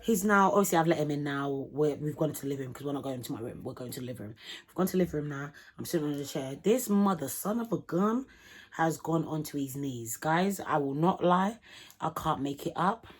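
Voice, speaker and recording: A young woman telling a vlog storytime in animated, slangy talk, acting out the people in it. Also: low voice, fairly quick, breathy edge. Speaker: vlogger.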